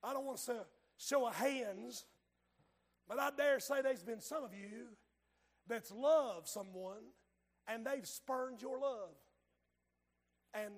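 A man preaching a fervent, dramatic sermon that swings between hushed and shouted lines. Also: very high-pitched.

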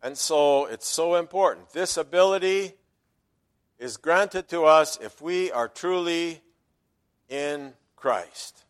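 A man preaching a sermon as pastor, emphatic, dropping to quiet asides and rising loudly on quoted verses. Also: fairly high pitch, slow pace, clear, resonant tone.

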